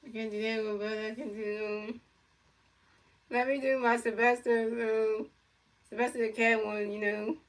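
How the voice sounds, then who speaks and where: A woman narrates a video game in loose play-by-play, circling back on phrases and padding them with fillers. Her voice sits a little high and stays flat in tone. She sounds set back from the microphone. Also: a little slow, far from the mic. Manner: rambling, full of fillers and repeated phrases. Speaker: gamer doing play-by-play. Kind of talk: casual play-by-play commentary over a video game.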